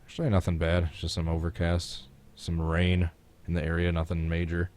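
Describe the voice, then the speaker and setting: Low, monotone and a little mellow, this man talks slightly fast while live-streaming a racing game from home. His relaxed chatter reacts to the viewers and the race action.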